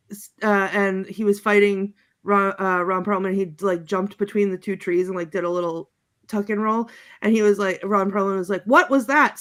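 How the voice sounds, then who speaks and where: Casual woman panelist, mid-height voice, chatty and halting with lots of ums and giggles. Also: medium pitch. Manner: chatty, halting, reads out movie quotes with giggles and many ums. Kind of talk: casual chat.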